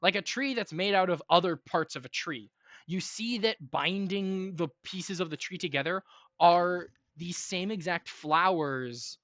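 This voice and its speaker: A game master narrating a tabletop game in halting, filler-heavy descriptions. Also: mid-range voice, fairly bright tone, no room sound.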